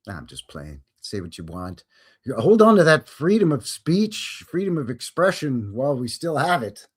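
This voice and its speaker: A man hosting a live stream in an easygoing, rambling way, cracking jokes and drifting off on tangents. His mid-pitched voice rises and falls in wide, animated swings. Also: moderate pace, slightly rough. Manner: joking, rambling, slips into silly voices. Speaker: host. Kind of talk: casual live-stream chat.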